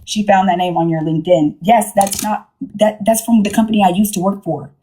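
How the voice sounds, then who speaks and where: A woman talks straight into her livestream, blunt and salty, looping back over the same points. Her voice sits at a middling pitch. The delivery is casual and unscripted. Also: fairly quick, warm tone, slight background noise. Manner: blunt, profane, repeats herself. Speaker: livestream host.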